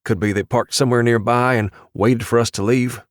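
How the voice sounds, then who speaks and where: A man's voice: mid-range voice, fairly even intonation, a little fast, no room sound, clean studio sound, lightly acted. A man reading an audiobook, voicing a tactical police officer with a clipped, commanding manner. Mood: urgent. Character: tough, terse male tactical police officer. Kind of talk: audiobook dialogue.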